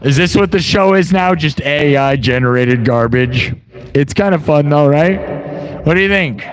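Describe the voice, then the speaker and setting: A man's voice: on the high side, expressive, measured pace, long reverb tail. A man hosting a livestream, chatting casually to viewers in an amused way. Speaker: livestream host.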